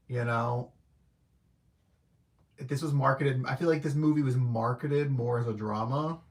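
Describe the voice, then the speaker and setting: A man giving a casual, rambling spoken movie review. He hesitates, leans on filler words, and chuckles at his own remarks. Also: mid-range voice. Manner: rambling and hesitant, heavy use of "like" and "I don't know"; laid-back and conversational. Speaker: film reviewer.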